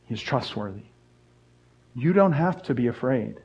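A man's voice: medium pitch, lively intonation, normal speed, a little mellow, husky. A middle-aged man preaching a sermon as a pastor, earnest and repetitive in his emphasis, with joking asides. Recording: dull lo-fi sound.

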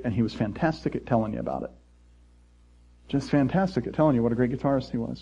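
Animated male pastor, dull recording. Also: medium pitch. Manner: animated, playful, swings between loud mock voices and quiet earnest asides. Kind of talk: sermon.

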